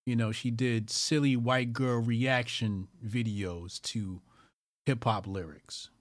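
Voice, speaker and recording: A man's voice: mid-range voice, fairly even intonation, slow pace, no echo. A man hosting a call-in commentary show, talking casually and profanely, repeating phrases for emphasis.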